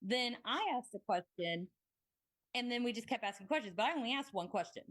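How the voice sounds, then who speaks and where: Young woman podcast host, casual, excitable, rambling storyteller. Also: a little high, a little fast.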